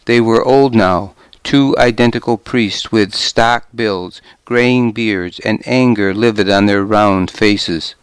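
A man reading a first-person audiobook as narrator, with a grim, measured delivery. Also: on the low side, clean tone, no echo.

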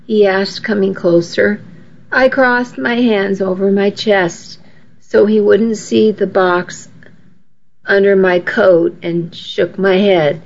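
A woman's voice: mid-range voice, fairly even intonation, takes it slowly, gravelly. A woman narrating a first-person story in an earnest, storytelling way, on a dull lo-fi recording. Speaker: audiobook narrator.

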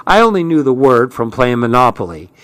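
A man reading a first-person story aloud as an audiobook narrator, with steady storytelling delivery. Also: medium pitch, brisk, no echo. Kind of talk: scripted narration.

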